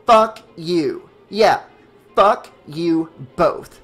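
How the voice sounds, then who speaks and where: A man's voice: fairly high pitch, huge pitch swings, a little slow, a bit bright, breathy edge, soft background music, heavily acted. A man doing a snarky, scornful teen girl. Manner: snappish, scornful. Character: snarky, dismissive teenage girl.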